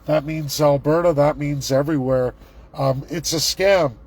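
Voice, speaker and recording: A middle-aged man, live-vlogging from a city street on his phone, ranting and repeating excited exclamations. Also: on the high side, unhurried, rough recording. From Canada. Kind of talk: live street vlog commentary. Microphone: handheld phone camera.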